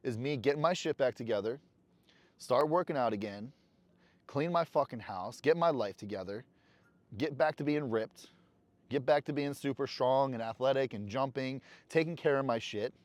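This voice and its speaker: A medium-pitched man speaks at a moderate pace with no echo. He's vlogging casually with a motivational bent, smoking a cigar and rambling to camera in candid, blunt, profanity-filled self-talk.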